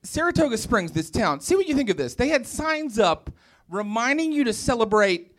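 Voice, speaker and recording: A young man from West Virginia doing a stand-up comedy set on a club stage, animated and self-mocking, slipping into exaggerated voices. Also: extremely high pitch, moderate pace.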